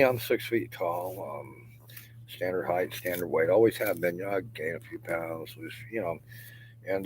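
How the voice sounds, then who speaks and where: A man's voice: low-pitched, slight background noise, poor audio. A middle-aged man talking to his camera outdoors in a yard in a rambling, profane monologue, laughing between phrases and dropping at times to a mutter or a whisper. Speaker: vlogger.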